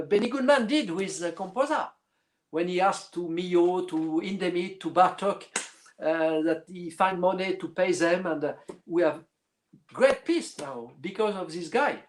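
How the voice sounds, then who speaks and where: A middle-aged man, a clarinetist guest speaking in a casual interview and often pausing to search for words. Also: high voice, animated. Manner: halting, searching for words with many fillers.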